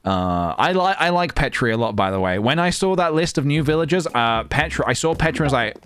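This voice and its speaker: A man chats with his stream audience in a relaxed, rambling way, often laughing and humming little tunes. His pitch bounces around a lot. Soft game music plays faintly under his voice. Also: moderate pace. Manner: chatty and meandering, laughing, humming tunes to himself. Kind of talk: casual gameplay livestream chat.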